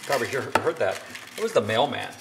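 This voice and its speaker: A young man talks through his DIY woodworking build, rambling and making fun of himself as he goes. His mid-range voice is creaky, swings widely in pitch, and moves quickly. It's a noisy home-workshop recording, with sanding and clicking audible behind him.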